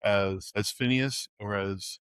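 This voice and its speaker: A middle-aged man from the Bay Area who plays Santa, telling stories in a casual fireside chat, halting and emotional, with many restarts. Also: lowish voice, steady tone, a bit bright, smooth, no room sound. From Bay Area, California. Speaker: Santa performer, host.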